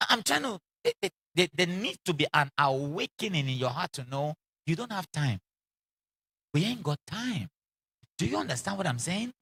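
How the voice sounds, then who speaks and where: A man preaching a sermon in an animated way, acting out quoted voices and repeating lines for emphasis, with laughs between lines. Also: high-pitched, vocal fry, slightly rough.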